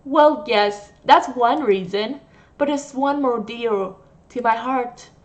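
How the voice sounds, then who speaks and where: A woman's voice: a little high, slow pace, pitched above the performer's own voice. A woman voicing an obsessive young female nurse who talks in a sweet, coaxing, possessive way.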